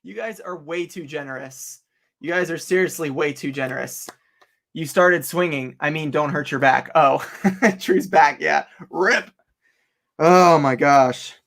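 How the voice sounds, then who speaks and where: Excitable man with a higher voice, live-streaming. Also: a little slow, gravelly. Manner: excitable, chatty, laughs often, talks straight to viewers. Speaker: online reseller hosting a live stream. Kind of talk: casual live-stream chat. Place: home office.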